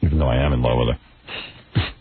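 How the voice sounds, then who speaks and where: A man's voice: very deep voice, fairly even intonation, normal speed, husky, no echo. A man hosting a radio show, teasing and joking crudely in on-air banter. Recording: narrow, phone-like radio broadcast.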